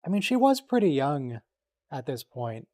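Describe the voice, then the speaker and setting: A man hosting a casual watch-along stream, joking and quickly reacting to what's on screen and teasing his friends. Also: fairly high pitch, sing-song, darkish tone. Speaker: stream host.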